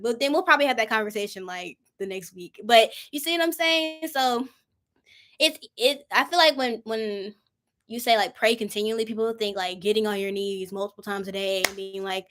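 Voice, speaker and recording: A woman's voice: a little high, lively intonation, moderate pace, a bit bright. A woman in her twenties leading a Bible study in a casual, informal way, acting out her own prayers as she talks. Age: 20s.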